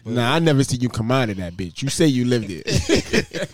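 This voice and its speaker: A man's voice: mid-range voice, expressive, normal speed, no room sound. A young man co-hosting a podcast, teasing his friends in casual banter. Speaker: podcast co-host. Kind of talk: casual chat.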